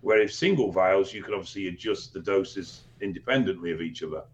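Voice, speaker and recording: A man co-hosting a podcast, explaining things in a relaxed, casual way and swearing now and then. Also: low-pitched, fairly quick, highs cut off. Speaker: podcast co-host and expert.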